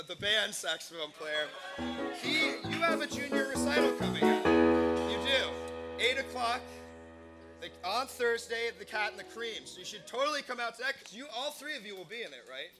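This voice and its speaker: A man's voice: high voice, moderate pace, loud music behind the voice. A young man hosting a live campus talk show, chatty and laughing often. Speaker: host. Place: campus stage with live audience.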